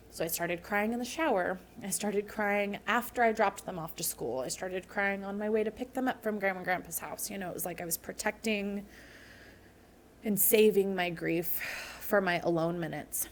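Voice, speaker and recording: A woman in her thirties appears as a podcast guest in a candid interview, earnestly telling personal stories about her life. Her mid-range voice is gravelly and moves at a normal speed, with faint background noise in the recording.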